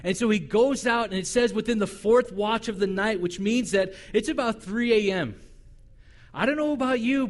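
A man pastor delivering a sermon, telling the story in an animated, conversational way. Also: sits high.

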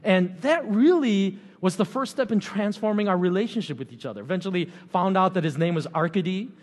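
A middle-aged man gives a sermon in a relaxed, chatty way, often adding fillers and small chuckles. His voice sits high. The sound carries a long reverb, as in a large hall. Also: a little fast, hardly any pauses. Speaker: pastor.

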